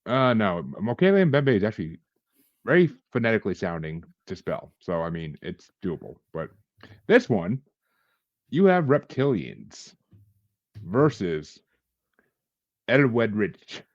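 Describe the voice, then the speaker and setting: A man's voice: lowish voice, very animated, moderate pace, no room sound, lo-fi sound. A man hosting a casual podcast, laughing often and restarting his sentences. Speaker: podcast host.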